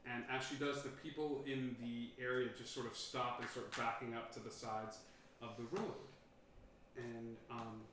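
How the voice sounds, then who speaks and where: A man's voice: medium pitch, flat delivery, moderate pace. A man running a tabletop game as game master, narrating with many fillers. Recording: echoey room from far off, faint noise.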